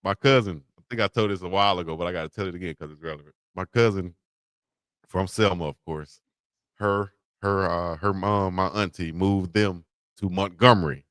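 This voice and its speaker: A man's voice: sits low, moderate pace, fairly bright tone, dry recording, studio quality. A man co-hosting a casual live-stream show, joking and laughing as he talks. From Alabama. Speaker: co-host.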